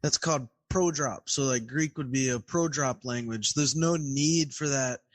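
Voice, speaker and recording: Slow-spoken man adding grammar terms. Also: medium pitch, dry recording. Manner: measured, adds technical terms and examples. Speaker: Greek grammar podcast co-host. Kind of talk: casual teaching chat.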